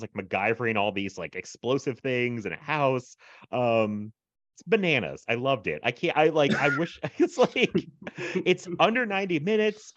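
A man's voice: medium pitch, no room sound, dull audio. A man co-hosting a podcast in casual chat, rambling with lots of fillers and frequent laughs. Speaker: podcast co-host.

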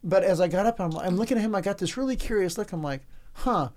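Lively man telling a work story. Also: sits high, racing. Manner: animated anecdote-telling, laughs often. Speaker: podcast co-host. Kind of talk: casual storytelling chat.

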